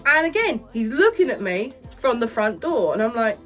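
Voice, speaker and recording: Brief: young woman vlogger, high voice, sassy and sweary. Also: sing-song, normal speed, fairly bright tone, faint music behind. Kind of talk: storytime vlog.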